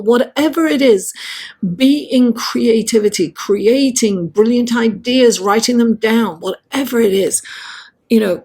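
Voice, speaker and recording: A woman giving a chatty, encouraging tarot reading straight to her viewers, laughing often and speaking in a lively, motivational way. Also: on the high side, slightly rough. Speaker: astrology and tarot reader. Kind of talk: casual tarot reading to camera.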